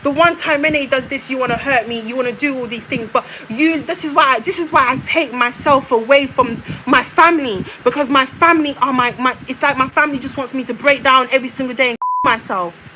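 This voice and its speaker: A woman launches a heated, repetitive rant aimed straight at her mother. Her voice sits high, and a faint hiss of background noise runs under her words. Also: a little fast, bright, forceful tone, rough recording. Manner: confrontational, repetitive, addresses her mother directly. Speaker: vlogger. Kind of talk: emotional rant to viewers.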